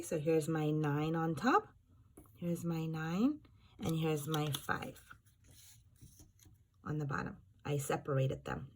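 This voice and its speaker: Woman teacher, unhurried, lowish voice, patient, counting aloud for small kids. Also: a little mellow, slight background noise. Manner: slow, patient counting aloud, sing-song chant. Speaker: kindergarten teacher. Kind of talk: classroom math lesson.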